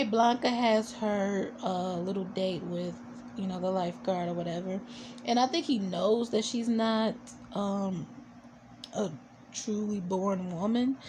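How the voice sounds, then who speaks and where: Woman vlogger, casual episode recap, sassy and opinionated, lots of "you know", mid pitch, faint noise behind. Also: a little mellow. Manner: chatty, full of "you know" and fillers. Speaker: TV show reviewer.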